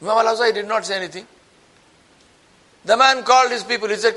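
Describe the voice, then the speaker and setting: A man preaching a sermon as a story, acting out the people in it with lively shifts of voice. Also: fast, pauses often. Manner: animated, acts out quoted voices with rising pitch.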